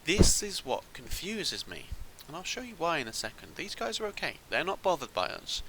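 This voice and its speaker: A man's voice: a little high, wildly swooping pitch, moderate pace, noisy background. A man giving casual gameplay commentary as a channel host, thinking aloud and rambling with restarts.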